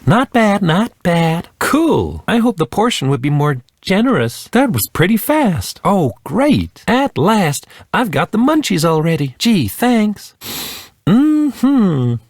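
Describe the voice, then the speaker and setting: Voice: mid-range voice, big pitch swings, slow pace, dry recording, studio quality, exaggerated voice. A voice actor voicing a casual, hungry customer in a video game who grows impatient with the wait. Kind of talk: game voice clips.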